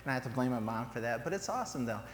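A man's voice: medium pitch, lively intonation, rapid-fire. A man preaching an informal sermon in a church, chatty and joking, with fillers and restarts. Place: church sanctuary. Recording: reverberant church hall, faint background noise.

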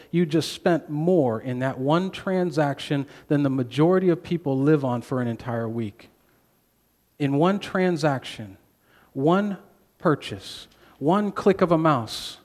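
Male pastor, earnest sermon delivery, slightly high voice, long church reverb. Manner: earnest preaching, drops to a hushed voice for emphasis. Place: church sanctuary.

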